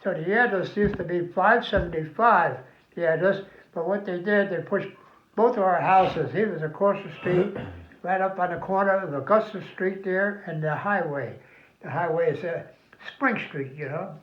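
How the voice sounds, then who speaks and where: A man's voice: high-pitched, moderate pace. An older man, a veteran rambling through family memories with plenty of swearing. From New Jersey. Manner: rambling, profane, folksy. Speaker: veteran telling family stories. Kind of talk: casual reminiscing. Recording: roomy, dull lo-fi recording.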